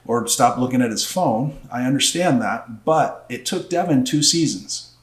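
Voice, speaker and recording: A middle-aged man, a former wrestling coach, telling a story in casual podcast conversation and acting out quotes with a rising voice. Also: normal speed. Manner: animated storyteller, acts out quotes with rising pitch. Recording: roomy echo.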